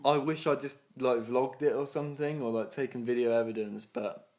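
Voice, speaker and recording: A young man in his twenties rambles through a story on a casual podcast, swearing freely and laughing as he goes. He slips into other people's voices to act out what they said, at a middle pitch. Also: steady tone, brisk, a little mellow. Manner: acts out other people's lines in his retelling. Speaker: podcast co-host.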